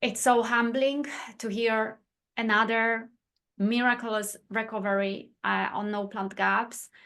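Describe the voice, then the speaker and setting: A woman who speaks as a hosts the interview with eager, emphatic delivery. She repeats key words for weight, and her voice sits a little high. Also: fairly even intonation, unhurried, gravelly, a bit bright. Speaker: nutritionist host. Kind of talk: interview host.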